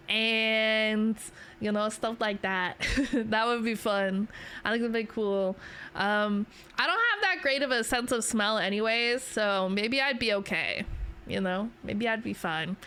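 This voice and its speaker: Young woman streamer just rambling to chat, bright voice, jokes about herself a lot. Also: mid-range voice, a little hiss or hum. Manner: rambling, self-deprecating, laughs often. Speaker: VTuber streamer. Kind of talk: casual stream chat with viewers.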